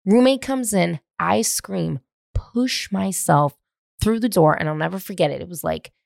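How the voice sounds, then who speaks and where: A woman's voice: mid-range voice, unhurried, creaky, no room sound, studio quality. A woman in her thirties from San Francisco, hosting a solo podcast and telling a story from her teens at home, profane and rambling with lots of "like.". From San Francisco, USA. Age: 30s. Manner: profane, animated, rambling with many "like" fillers. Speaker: podcast host. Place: at home in the living room.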